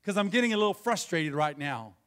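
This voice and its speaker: A man preaching a sermon as pastor, swinging between quiet, intimate passages and loud, emphatic ones, repeating key phrases. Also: high voice, expressive, fairly quick, smooth.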